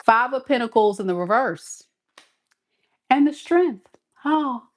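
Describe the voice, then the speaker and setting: Slow, sassy tarot-reading woman. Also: on the high side, lively intonation. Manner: sassy, emphatic, talks straight to viewer. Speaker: tarot reader.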